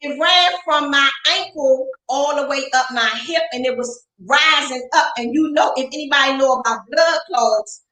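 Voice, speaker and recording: A woman's voice: high-pitched, moderate pace, few pauses, pushed and bright. A woman speaking as an interview guest, ranting in a heated, profane, confrontational way with lots of emphasis. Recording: roomy echo.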